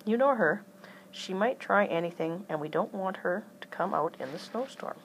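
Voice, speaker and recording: Woman voicing a calm instructive tiny father. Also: medium pitch, moderate pace, a little hiss or hum, lightly acted, low-quality recording. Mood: instructing.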